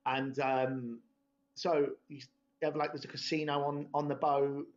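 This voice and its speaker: A young man spins a long, rambling story to a mate. His voice sits a little high, and he swears casually. The podcast audio is dull and lo-fi. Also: little pitch movement, a little slow. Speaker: podcast host.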